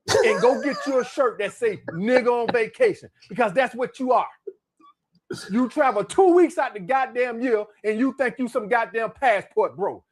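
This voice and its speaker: A man in a comedic rant, blunt and repetitive with profane scolding. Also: extremely high pitch.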